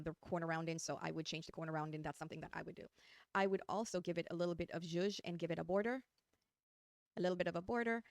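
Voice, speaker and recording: Chatty woman with a gravelly New Jersey accent. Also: fairly low pitch, no echo, studio quality. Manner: chatty, upbeat, talks while clicking through steps. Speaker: online design tutor. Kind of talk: live screen-share tutorial.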